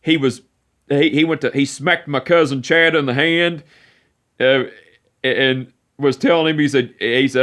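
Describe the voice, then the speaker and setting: A man telling a personal story, halting and repeating phrases as he restarts. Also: mid-range voice, fairly bright tone.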